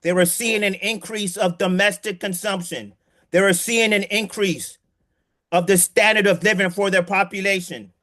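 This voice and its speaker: A man's voice: high-pitched, fairly even intonation, moderate pace, pushed and bright. A man giving casual, emphatic commentary, repeating words as he restarts and asking rhetorical questions. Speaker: political commentator.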